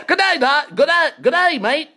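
A man's voice: very high-pitched, expressive, moderate pace, sharp tone, a little hiss or hum, pitched above the performer's own voice, exaggerated voice. A man putting on a breezy Australian-twanged crew boss. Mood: matey. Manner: breezy and matey. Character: chummy male assistant director with a put-on Australian twang.

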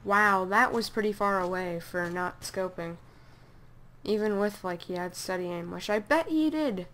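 A woman giving casual gameplay commentary, excitable, exclaiming and grumbling at opponents as she plays. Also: medium pitch, unhurried.

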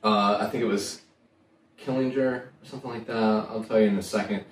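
A man's voice: on the low side, steady tone, a little fast. A man co-hosting a casual chat show, joking and swearing freely. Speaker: podcast co-host. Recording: roomy, distant mic with faint noise.

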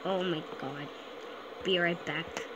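A woman giving casual, chatty gameplay commentary, excitable at times and often quoting other players in exaggerated voices. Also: lowish voice, slow, highs cut off. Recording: steady background noise.

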